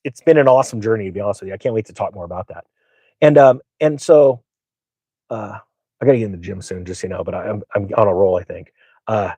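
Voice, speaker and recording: A man's voice: lowish voice, dark tone, husky, no room sound. A middle-aged man hosting a finance channel, telling a rambling, boastful story with lots of fillers. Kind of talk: casual storytelling monologue.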